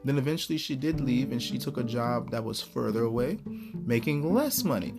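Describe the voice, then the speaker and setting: A man's voice: mid-range voice, animated, a little fast. A man hosting a podcast, talking casually in a blunt, profane rant. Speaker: podcast host. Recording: guitar music playing clearly behind.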